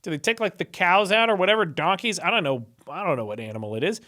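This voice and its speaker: A man's voice: high-pitched, expressive, fast talker, sharp tone. A young man hosting a video, casually retelling Bible stories with irreverent, sarcastic asides. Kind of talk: casual commentary.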